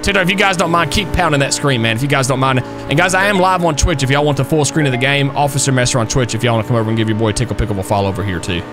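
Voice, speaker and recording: A man streaming a police roleplay game, energetic and slangy, talking to his chat between calls. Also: medium pitch, racing, few pauses, over music. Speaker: streamer playing a police officer.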